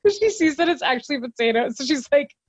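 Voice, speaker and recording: A woman's voice: high-pitched, lively intonation, fast talker, no room sound. A woman co-hosting a podcast, recapping an episode in casual, laughing, filler-heavy chat. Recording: dull lo-fi dry recording.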